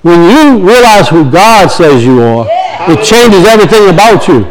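A man's voice: sits high, very animated, moderate pace, a crowd in the background, poor audio. A man, preaching a sermon in a folksy storytelling way and acting out the voices in his stories. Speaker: pastor.

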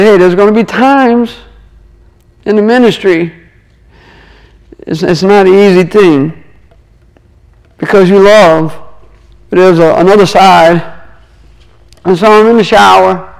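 A man's voice: high-pitched, measured pace, long pauses, clear, resonant tone, rough recording. A man preaching a sermon, telling a personal story and acting out quoted dialogue, often restarting his words. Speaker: minister.

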